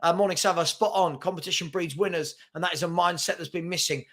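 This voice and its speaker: A man hosting a live football chat, reading out viewer comments in an animated, casual way, full of fillers and stammered restarts. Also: high voice. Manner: chatty and animated, quick to call out rude commenters. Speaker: host of a daily football chat stream.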